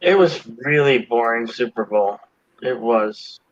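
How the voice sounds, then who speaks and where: A man co-hosting a podcast, chatting casually, halting and repeating his words. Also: medium pitch, animated, no room sound, lo-fi sound. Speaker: podcast co-host. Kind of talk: casual chat.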